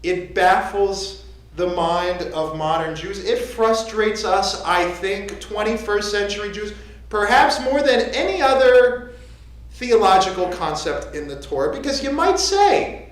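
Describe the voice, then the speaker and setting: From the pulpit of a synagogue, a rabbi delivers a conversational sermon full of jokes. His mid-range voice is animated yet unhurried, and the sanctuary gives the recording a strong echo.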